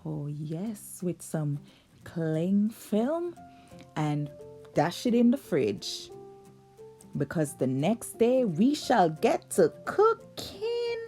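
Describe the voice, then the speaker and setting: Slow, chatty woman. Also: fairly low pitch, very animated, warm tone, soft background music. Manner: upbeat, chatty, drawn-out words. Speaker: cooking channel host. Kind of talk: casual cooking vlog narration.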